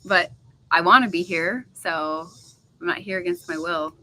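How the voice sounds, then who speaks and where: Bright-voiced chatty woman. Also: fairly low pitch, unhurried, low-quality recording. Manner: chatty, laughing, rambling. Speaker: co-host. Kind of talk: casual live chat.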